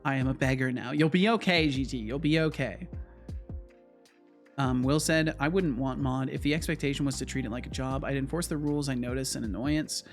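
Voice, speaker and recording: A man's voice: mid-range voice, fairly quick, soft background music. A man from the United States chatting casually with his live-stream audience, rambling, repeating words and laughing often. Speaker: streamer and game developer.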